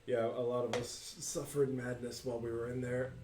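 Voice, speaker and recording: A man's voice: mid-range voice, level tone, moderate pace, background noise. A man playing in a tabletop game, speaking in a matter-of-fact way. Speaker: player. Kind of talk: tabletop role-play banter. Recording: roomy and distant from the mic.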